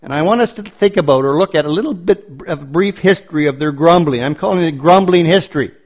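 Man preaching with emphatic repetition. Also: fairly high pitch. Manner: emphatic, repetitive cadence with slow stressed phrases. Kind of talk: sermon.

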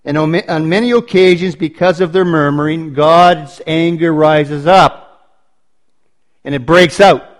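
Preaching in a voice on the high side, this man drives his points home by repeating them emphatically. He slows down whenever he hits a stressed phrase.

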